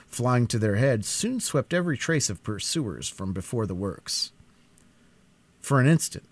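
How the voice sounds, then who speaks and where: A man reading a classic novel aloud in a live cold-read, with a dramatic, expressive delivery. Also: mid-range voice. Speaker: audiobook reader.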